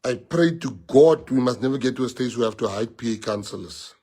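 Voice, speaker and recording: Brief: forceful South African party leader, husky mid-pitched man, repeats lines for emphasis. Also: brisk. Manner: emphatic, repeats phrases, mixes in Afrikaans. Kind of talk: rallying address to party members.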